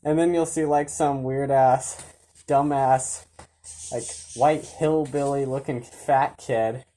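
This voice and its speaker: Low, slow-talking woman vlogger. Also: fairly even intonation, dark tone. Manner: rambling, many fillers, chuckling asides. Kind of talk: casual commentary.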